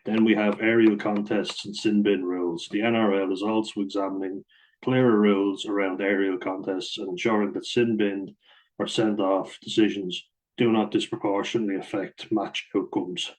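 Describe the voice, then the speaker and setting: A man's voice: fairly low pitch, flat delivery, normal speed, darkish tone, rough recording. A man, a rugby player hosting a casual, blunt commentary on the rules of the game, swearing and laughing easily along the way.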